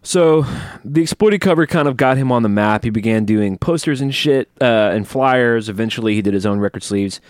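A man hosting a podcast in casual chat, telling stories with lively acted-out quotes. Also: mid-range voice, a little fast, few pauses, dry recording, clean studio sound. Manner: animated storyteller, acts out quotes. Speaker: podcast host.

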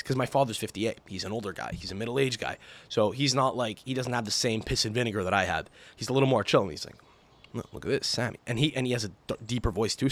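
Profane young man telling stories. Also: mid-range voice. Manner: animated, profane, exaggerated storytelling. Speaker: podcast host. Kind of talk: casual solo podcast storytelling.

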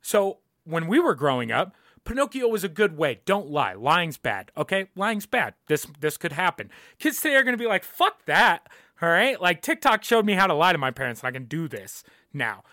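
A man's voice: a little high, very animated, normal speed, few pauses, pushed and bright, no room sound, clean studio sound. A young man hosting a podcast, ranting casually and emphatically, swearing often and repeating his points. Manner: profane, emphatic, repeats himself.

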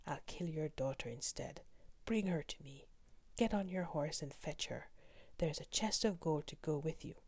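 A woman voicing a fearsome, cruel male beast as a whispered role-play in a storybook reading, speaking slowly in a soft whisper. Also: sits low, breathy edge, no room sound. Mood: menacing.

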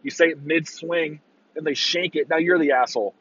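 A man ranting casually on a podcast, swearing freely and breaking into loud mocking impressions of fans. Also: on the high side, fairly even intonation, brisk, husky, dull audio. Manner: profane, exasperated ranting with mocking shouted impressions. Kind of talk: casual rant.

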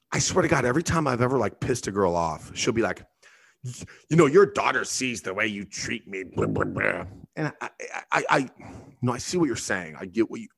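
A man's voice: fairly low pitch, a bit bright. A man in his thirties hosting a podcast, telling a rambling, profane, self-mocking story in casual monologue. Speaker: podcast host; bartender.

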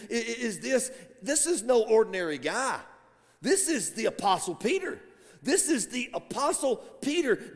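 Man, pastor, preaching a sermon, high voice, ringing church reverb. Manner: animated preaching, rises to shouts. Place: church sanctuary. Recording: long church hall reverb.

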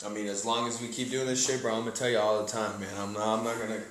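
A man's voice: lowish voice, flat delivery, fast talker, fairly bright tone. Laid-back swearing man in an echoey room. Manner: laid-back, heavy swearing, drops to a mumble. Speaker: podcast host. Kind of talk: casual chat among friends. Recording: echoey room with faint noise.

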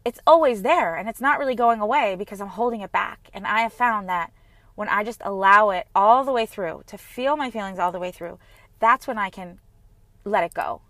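A woman's voice: medium pitch, moderate pace, dry recording. Earnest woman reflecting, dry close sound. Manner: earnest, heartfelt, gently reflective. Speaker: mother sharing personal reflections. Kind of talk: personal monologue.

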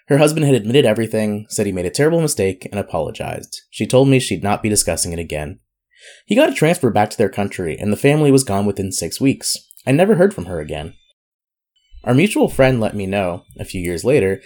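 A man co-hosting a casual podcast, joking and laughing and reading an advice letter aloud. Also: on the low side. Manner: joking, laughs often, lively. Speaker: podcast co-host.

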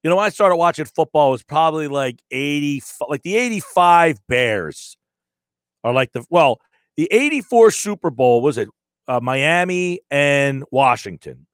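A man's voice: on the high side, no echo, studio quality. A man in his forties hosting a sports radio show, talking casually and at length about football rivalries and reading listener texts aloud. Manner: rambling, conversational, reads listener texts.

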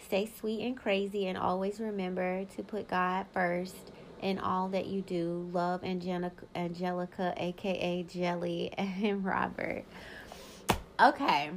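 A woman's voice: fairly low pitch, little pitch movement, measured pace, background noise. A woman in her thirties hosting her own podcast, talking candidly and emphatically to her listeners in a casual monologue, sometimes reading old yearbook notes aloud. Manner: candid, profane and emphatic, talks straight to listeners. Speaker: podcast host.

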